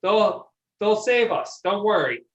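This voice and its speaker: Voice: mid-range voice, very animated, slow pace, pitched above the performer's own voice. A game master voicing a humble, earnest middle-aged village mayor who speaks hesitantly and politely. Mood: urging. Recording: dull lo-fi audio.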